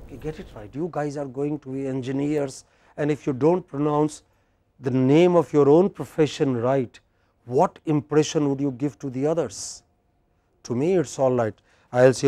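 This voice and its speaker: A man with an Indian English accent teaching a university class, speaking slowly and emphatically and quizzing his students. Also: mid-range voice, mellow, no room sound. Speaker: lecturer. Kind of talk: classroom lecture.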